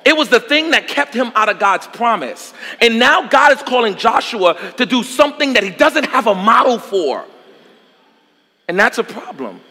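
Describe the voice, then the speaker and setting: A man's voice: sits high, bright, forceful tone, big-room sound. A male pastor preaching a sermon, with emphatic delivery and call-and-response to the congregation.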